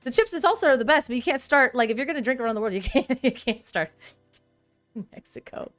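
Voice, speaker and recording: A woman's voice: high-pitched, quick pace, faint music behind. A woman in her thirties hosting a casual livestream, chatting animatedly and reading viewer comments aloud. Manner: animated, chatty, reads chat aloud, laughs often. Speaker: livestream host.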